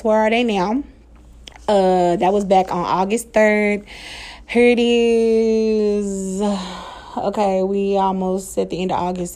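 A woman in her thirties with a Black American vernacular accent, talking straight to her listeners in a loose podcast rant. She is candid and emotional, swears freely and laughs often, in a mid-range voice. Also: mid-range voice. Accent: African American Vernacular English. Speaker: podcast host. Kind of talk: casual personal podcast monologue.

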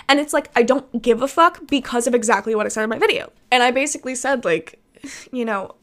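A woman's voice: fairly high pitch, quick pace, a bit bright. A young woman content creator ranting casually to camera, exasperated and sarcastic, swearing often and laughing between points. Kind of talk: casual vlog rant.

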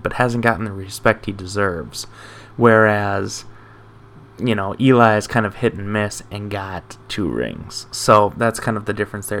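A man's voice: fairly low pitch, vocal fry. A young man hosting a sports show, chatting casually and rambling with self-deprecating asides. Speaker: sports podcast host.

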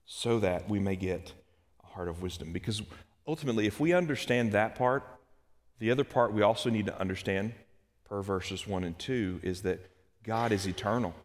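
A man preaching a sermon, swinging between hushed, slow scripture reading and loud, urgent outbursts. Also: on the low side, big-room sound. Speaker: pastor.

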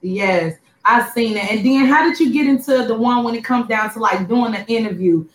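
Female interviewer: animated, quick, slightly high voice, echoey room. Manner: animated, fast questions, quick reactions. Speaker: host. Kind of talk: casual interview. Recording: roomy echo.

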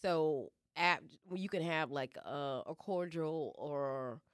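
A woman co-hosting a casual podcast chat over headphones, easygoing and expressive. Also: deep voice, slow, smooth, no room sound, clean studio sound. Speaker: podcast co-host. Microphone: headphones with mic on a call.

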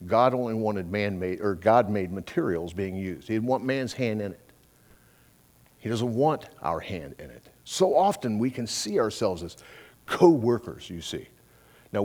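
A middle-aged man preaching a sermon, his pitch rising and falling a great deal as he goes. He talks in a folksy, conversational way and acts out little exchanges with other people as he tells them. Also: a little mellow. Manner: conversational preaching with folksy asides and quoted dialogue. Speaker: pastor.

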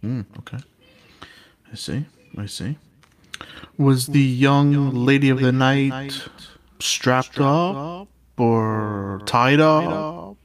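A man's voice: mid-range voice, very slow, long pauses. A man who once worked as a police officer, telling stories casually on a podcast in a laid-back way, swearing and repeating himself.

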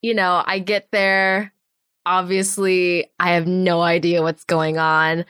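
A woman's voice: lowish voice, slow pace, smooth, no room sound, clean studio sound. A woman in her twenties, a storyboard artist, chatting casually in an interview and animatedly acting out the voices of people in her stories. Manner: animated, acts out quoted voices.

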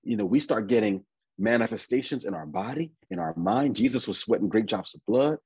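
A man preaching a conversational sermon, often repeating and restarting his words and reading scripture slowly. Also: on the low side, expressive, gravelly, darkish tone, husky, dry recording, low-quality recording.

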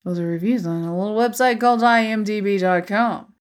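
Playful, animated female co-host for a casual movie review. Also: mid-range voice. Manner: animated, playful, quick to laugh. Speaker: podcast co-host. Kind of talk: casual film review chat.

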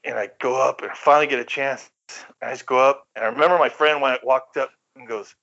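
A middle-aged man from the Bay Area, a guest telling stories casually, animated, swearing freely and acting out quoted voices. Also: mid-range voice, fast talker. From San Francisco Bay Area. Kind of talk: casual storytelling. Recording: slightly dull lo-fi recording.

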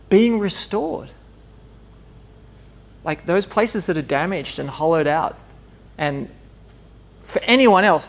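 A male preacher, speaking in a loose, chatty sermon style. His voice sits a little high for a man and has a gravelly, creaky edge. He breaks into laughs and acts out small dialogues as he talks. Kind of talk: informal conversational sermon.

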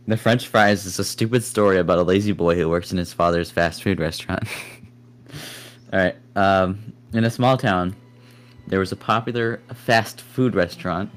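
A man's voice: sits low, normal speed. A man co-hosting a comedy podcast, reading a silly horror story aloud in a jokey way, adding swear words and laughing at his own lines. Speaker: podcast co-host. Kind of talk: reading a scary story aloud, casual chat.

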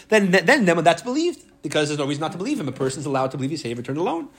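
A man's voice: a little high, very animated, racing, a bit bright, breathy edge. Man teaching a Talmud class. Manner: explains step by step, repeats words, restarts often. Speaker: Torah teacher.

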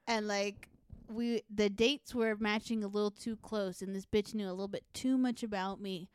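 Profane, animated young woman with a smooth voice. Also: medium pitch, moderate pace, no room sound. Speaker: podcast co-host. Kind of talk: casual chat.

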